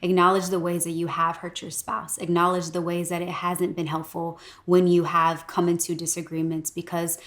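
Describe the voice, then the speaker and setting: A middle-aged woman co-teaching on marriage, gentle and affirming. Her voice is low and stays quite even in pitch. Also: normal speed, few pauses.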